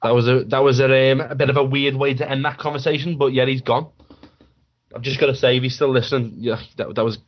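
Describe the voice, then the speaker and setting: Blunt sweary radio host. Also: male voice, mid-range voice, fairly even intonation, quick pace, lo-fi sound. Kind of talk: casual radio phone-in.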